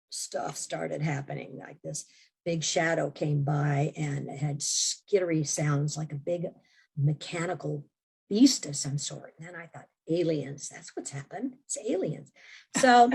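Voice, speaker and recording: A woman's voice: deep voice, animated, unhurried, vocal fry, darkish tone, slightly rough. A woman guest on a podcast, telling a personal story in a casual, vivid way and quoting her own thoughts. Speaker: podcast guest, memoir author.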